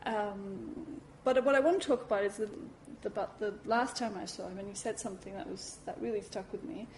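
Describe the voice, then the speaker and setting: A woman giving a talk at a Buddhist centre, telling a personal story in a lively way, acting out her reactions and saying "you know" often. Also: mid-range voice, brisk, noisy background.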